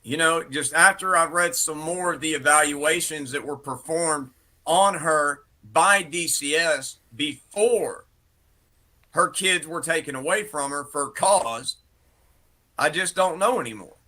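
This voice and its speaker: A man's voice: on the high side, measured pace, sharp tone. A man joining a livestream chat, talking in a wry, sarcastic way.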